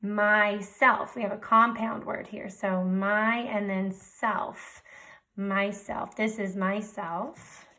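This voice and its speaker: A woman's voice: medium pitch, fairly even intonation, takes it slowly, sharp tone. A woman teacher giving a remote reading lesson to young children, patiently sounding out letters and praising her students.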